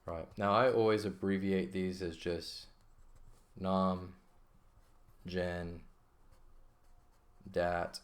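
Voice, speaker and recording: A man teaching a recorded Greek grammar lesson, explaining patiently and checking in with frequent "okay?" as he writes. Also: sits low.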